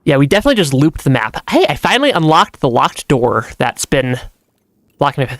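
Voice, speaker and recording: A game streamer giving relaxed let's-play commentary, chatty, laughing often and restarting sentences as they go. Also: medium pitch, fairly quick, dry recording. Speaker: gaming streamer.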